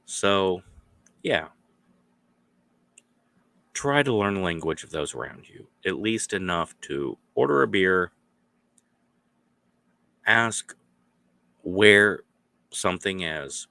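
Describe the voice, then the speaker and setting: A man rambles through a solo podcast, drifting between thoughts and acting out small exchanges. His voice sits very low and his delivery is unhurried. The recording is dry, with no room sound. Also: gravelly, bright, forceful tone, clean tone, dry recording. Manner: meandering, acts out little dialogues. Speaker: podcast host.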